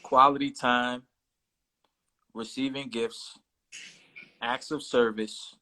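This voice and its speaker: Guy in his 30s, bright voice, candid and reflective, laid-back interview chat. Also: mid-range voice, fairly even intonation, slow, rough recording. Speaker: interview guest. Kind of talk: casual conversation.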